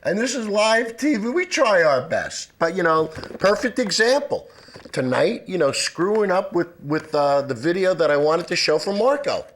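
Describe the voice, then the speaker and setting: A man's voice: high voice, big pitch swings, moderate pace. Rambling, apologetic male TV host. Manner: rambling, apologetic, with nervous laughs and fillers. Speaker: host of a public-access TV show. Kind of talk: casual live TV hosting.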